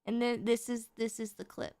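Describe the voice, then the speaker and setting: A young woman streaming casually while she draws, chatting in a rambling, excitable way and breaking into giggles. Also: on the high side, normal speed, a little hiss or hum. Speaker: VTuber streamer. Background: faint background music.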